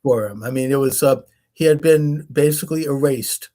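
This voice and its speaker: A talk show host with a warm, medium-pitched male voice talks at a moderate pace in casual conversation. He rambles through retold stories and acts out the voices of the people he quotes.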